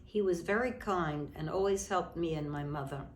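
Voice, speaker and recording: An older woman from Brooklyn reading her childhood memoir aloud in a gentle, reminiscing way. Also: low-pitched, normal speed. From Brooklyn, New York. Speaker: memoir narrator. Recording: roomy echo, faint background noise.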